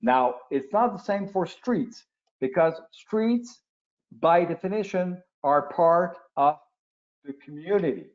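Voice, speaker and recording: A man's voice: high-pitched, lively intonation, slow. Older man explaining, lo-fi call audio. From Quebec, Canada. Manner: explanatory, with frequent restarts and uh fillers. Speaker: guest expert on retail. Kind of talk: webinar interview answers. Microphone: video call. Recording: lo-fi webinar audio.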